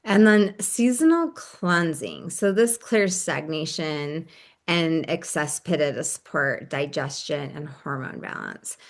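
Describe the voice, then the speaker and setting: Low-voiced woman teaching wellness calmly. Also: slow. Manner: calm, gentle, with many fillers. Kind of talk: casual instructional talk.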